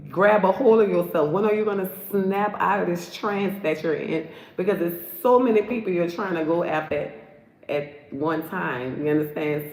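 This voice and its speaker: A woman's voice: lowish voice, darkish tone. A woman giving taunting, sassy commentary on a video, repeating herself to mock the person on screen. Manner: sassy, taunting, repetitive "look, look". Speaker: host. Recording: roomy echo.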